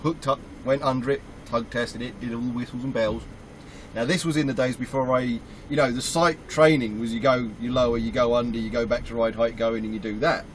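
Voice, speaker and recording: A British man, a truck driver, telling a story about his work in a casual, animated way and acting out his own reactions. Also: mid-range voice, a little fast, slight background noise, low-quality recording. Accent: British English. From United Kingdom.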